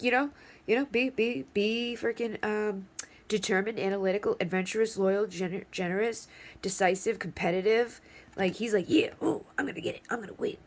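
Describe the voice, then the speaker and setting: A woman giving a casual tarot reading in a rambling, playful way, swearing freely. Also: medium pitch. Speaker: tarot reader.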